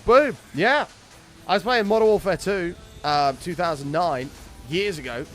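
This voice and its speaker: Over soft background music, a young man plays a game on stream, swearing his way through long, chatty stories and being quick to say hello to viewers in the live chat. His voice is high-pitched and a bit bright.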